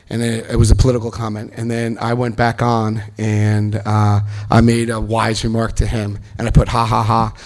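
Middle-aged guy telling his life story in a speech, animated, acts out voices, gets loud and excited. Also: mid-range voice. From New Jersey, US. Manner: animated storyteller acting out other people's lines, bursts of loud excitement.

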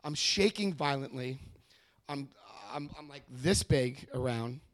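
A man giving a personal testimony at a recovery meeting, telling his story with animated energy and acting out what people said. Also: medium pitch, unhurried. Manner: animated storytelling, acts out quoted voices. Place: meeting room before a live audience.

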